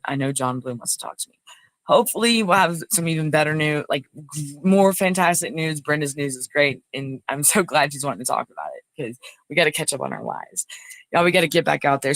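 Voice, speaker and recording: Hosting a casual livestream, a woman rambles along and welcomes viewers by name. Her voice is low and a bit bright, picked up dry through a phone.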